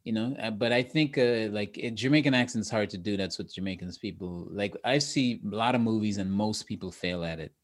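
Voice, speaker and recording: A man's voice: on the low side, brisk, hardly any pauses. A man talking in a casual podcast conversation as a guest, rambling with restarts and laughing between thoughts. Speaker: guest, actor and comedian.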